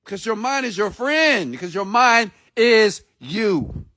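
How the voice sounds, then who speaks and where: A motivational speaker delivers his message like a sermon, his voice noticeably high for a man, sing-song, pushed and bright, at a slow pace. He is blunt and preachy, swears freely, repeats himself for emphasis, and fires questions directly at his listeners.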